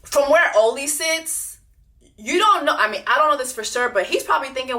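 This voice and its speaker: Animated profane woman reacting. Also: high-pitched, brisk. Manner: blunt, profane and animated, repeating lines for emphasis. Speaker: reaction video host. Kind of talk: unscripted reaction commentary.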